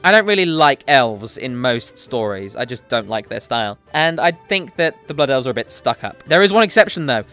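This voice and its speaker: Bright-voiced man giving casual opinions. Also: mid-range voice, very animated, brisk, hardly any pauses, soft background music. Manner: opinionated, jokey, apologetic asides. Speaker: gaming commentary host. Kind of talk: casual solo opinion talk.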